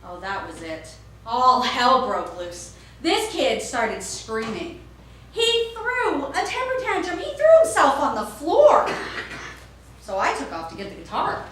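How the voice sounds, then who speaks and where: A woman's voice: high-pitched, a little slow. A woman performing a staged storytelling monologue, playing a store clerk and acting out every character. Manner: animated, acts out every character. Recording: echoey, distant, faint noise.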